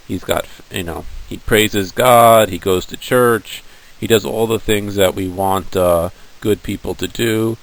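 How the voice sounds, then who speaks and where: A male teacher lectures his class in a relaxed, conversational way, telling stories with plenty of asides. His voice sits fairly low. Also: measured pace, low-quality recording. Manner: casual, conversational storytelling.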